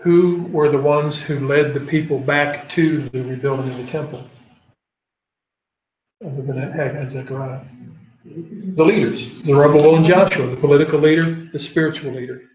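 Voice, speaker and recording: A man with a somewhat high voice leads a Bible class in an echoey room. He reads scripture aloud and then asks the class questions. The recording is dull and lo-fi. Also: moderate pace.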